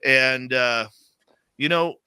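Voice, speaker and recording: A man's voice: medium pitch, slow, bright, forceful tone, clear, resonant tone, no room sound. A man with a Canadian accent, hosting a live radio talk show in a rambling, conversational way, full of fillers and restarts. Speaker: radio host.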